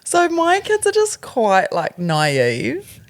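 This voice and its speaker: A woman's voice: on the high side, wildly swooping pitch, slow pace, no echo. This is a woman in her thirties, chatting on a podcast. Her voice rises and falls a lot, and she tells stories frankly and breaks into laughter often. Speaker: podcast co-host. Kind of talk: casual chat.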